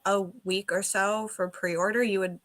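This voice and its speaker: A woman's voice: mid-range voice, steady tone, a little slow, a bit bright, dry recording. A woman co-hosting a casual livestream on a video call, chatting animatedly with friends and laughing often. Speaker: livestream co-host. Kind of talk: casual group chat.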